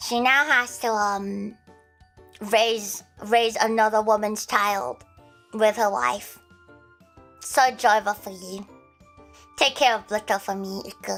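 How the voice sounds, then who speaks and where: A woman's voice: fairly high pitch, pushed and bright. An Australian woman chatting casually on a livestream, playful and prone to shrieking, giggly laughs.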